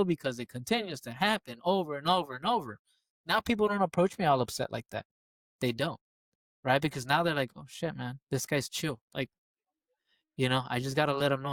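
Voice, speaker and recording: Guy on a podcast, kinda high voice, dry close sound, swears a lot, repeats stuff for emphasis. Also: fairly quick, no room sound. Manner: animated, swearing freely, repeating phrases for emphasis. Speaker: podcast co-host. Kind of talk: casual chat.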